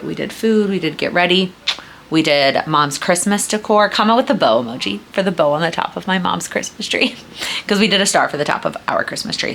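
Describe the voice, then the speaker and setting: Low-voiced chatty young woman vlogging. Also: creaky, fairly bright tone, slight background noise. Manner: chatty, filler-heavy, with frequent likes and ums. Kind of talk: casual chat to camera. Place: at home, indoors.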